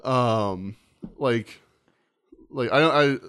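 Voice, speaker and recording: A man's voice: medium pitch, very slow, a bit bright, clean tone. A man co-hosting a podcast, telling a long, rambling, profane story in casual chat and acting out the quotes. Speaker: podcast co-host.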